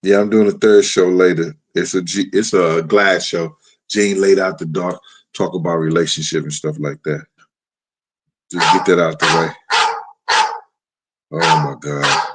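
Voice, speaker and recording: A man's voice: low voice, fairly even intonation, measured pace, long pauses, slightly rough. A man in his fifties with a New York accent, hosting a casual live-stream chat and often laughing as he tells street stories. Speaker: show host.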